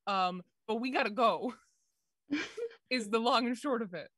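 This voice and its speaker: A woman's voice: fairly high pitch, expressive, a little slow, fairly bright tone, husky, no echo, studio quality. A woman playing a tabletop game, talking in character with wry, rambling joking asides. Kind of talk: casual in-character play.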